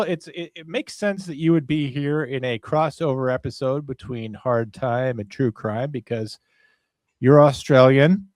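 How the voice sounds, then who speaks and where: A man hosting a comedic true crime podcast, mixing dark story narration with deadpan sarcastic jokes. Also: mid-range voice, dry recording, low-quality recording. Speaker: podcast host.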